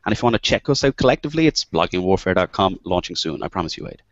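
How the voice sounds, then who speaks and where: Man, Irish accent, brisk, joking co-host, dry muffled call audio. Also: deep voice, sing-song, no echo. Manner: joking, self-mocking. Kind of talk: casual video-call chat. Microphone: video call. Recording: dull lo-fi video call audio.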